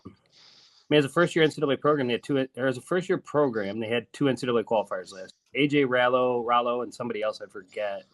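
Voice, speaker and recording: Man, podcast co-host, mid-pitched voice, rambling casual chat. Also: a bit bright. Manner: rambling and chatty, self-correcting.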